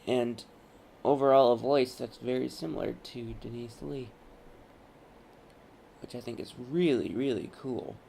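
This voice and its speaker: A young adult man vlogs in a loose, meandering way, backtracking and restating his points. His voice sits at an ordinary middle pitch, with a faint hiss of noise underneath. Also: a little slow, gravelly, pauses often, dark tone. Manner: rambling, repeats and corrects himself. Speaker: vlogger. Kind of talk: casual rambling monologue. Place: college campus, indoors.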